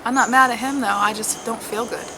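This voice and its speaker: A woman's voice: a little high, fairly even intonation, background noise. Worn-out woman talking candidly. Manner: candid, halting, swings between soft and loud. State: unwell and worn out. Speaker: vlogger. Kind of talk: emotional personal vlog.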